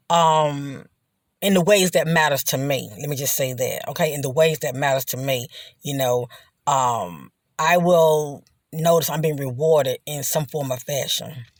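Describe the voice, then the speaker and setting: A speaker giving a casual motivational talk, loose and conversational, often checking in with "okay?" and "you know", slowing and softening on reflective points. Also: medium pitch, dry recording, clean studio sound. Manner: slows down and drops soft on reflective points. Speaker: vlogger sharing personal testimony.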